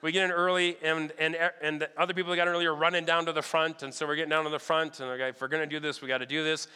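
A man preaching, telling a lively story and acting out the people in it. His voice is slightly high, bright and forceful, with a smooth, resonant tone. It rings out with the long reverb of a large hall. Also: very fast. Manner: animated, acts out other people's lines. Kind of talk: sermon storytelling.

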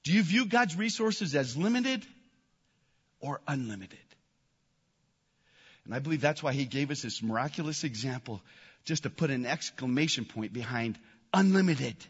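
A man preaching a sermon as pastor, telling a story with animated energy and rising to excited shouts. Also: medium pitch, normal speed, pauses often, husky, big-room sound, lo-fi sound.

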